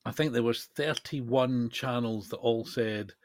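A middle-aged man co-hosting a casual podcast chat, telling stories with animated enthusiasm and frequent laughter. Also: mid-range voice, measured pace. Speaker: podcast co-host.

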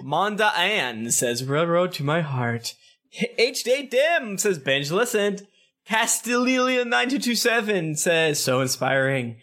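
Bright-voiced man rattling off reviews. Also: high-pitched, very animated, a little slow. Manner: rattles off names and quotes, laughing along. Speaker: podcast co-host reading listener reviews. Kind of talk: quick casual read-through.

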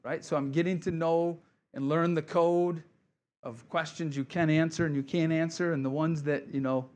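Casual joking preacher, fairly high voice. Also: male voice, steady tone, normal speed, a little mellow. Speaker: pastor. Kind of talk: sermon. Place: church sanctuary.

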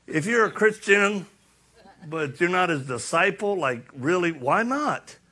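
A middle-aged man giving a sermon-style talk, joking and animated, then urgent and challenging. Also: high-pitched, measured pace. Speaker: speaker.

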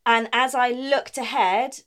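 A woman's voice: fairly high pitch, fairly even intonation, slow, a bit bright. A woman, co-hosting a podcast in casual chat, telling stories animatedly with frequent giggles. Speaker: podcast co-host.

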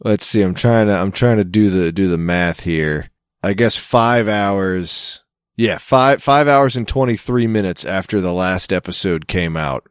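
A man with a lowish voice co-hosts a comedy podcast, rambling loosely and cursing as he riffs. He sounds close to the mic in a dry, dead room. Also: a little slow, clear, resonant tone, no echo. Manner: loose, rambling, swears freely. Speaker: podcast co-host. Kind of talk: casual comedic banter.

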